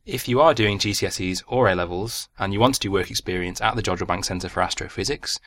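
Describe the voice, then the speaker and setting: A man hosting an astronomy podcast, reading out listener feedback and closing notes in a relaxed, scripted way. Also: lowish voice. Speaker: podcast host.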